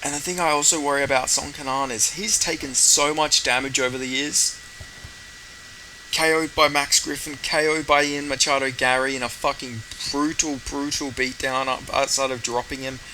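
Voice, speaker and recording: A man's voice: mid-range voice, sharp tone, a little hiss or hum, rough recording. A man giving casual fight predictions in a rambling way, swearing often. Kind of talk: casual chat.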